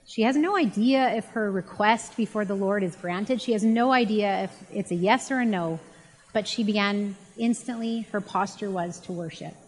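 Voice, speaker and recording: A woman's voice: medium pitch, moderate pace. A woman giving a casual, chatty Bible teaching and retelling the story in a conversational way. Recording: long reverb.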